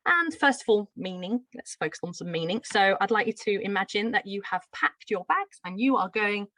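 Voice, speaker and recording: A woman's voice: mid-range voice, expressive, moderate pace, a bit bright, no room sound, rough recording. A woman from Birmingham with a Brummie accent, explaining a pronunciation drill in a friendly teaching manner. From Birmingham, England. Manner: friendly, explanatory, with light laughs. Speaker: teacher trainer. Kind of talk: live teacher-training lesson.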